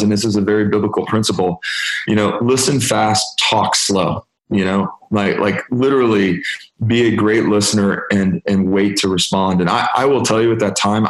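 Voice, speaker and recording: A man in his fifties, a guest in an interview, telling candid stories about his career in an animated way. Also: fairly low pitch. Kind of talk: storytelling interview answer. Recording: echoey room.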